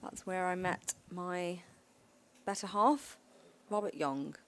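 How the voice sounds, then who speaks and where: A woman's voice: lowish voice, slow, clear, resonant tone. A woman commentating on poker, joking and bantering casually. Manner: playful, jokey, laughs often.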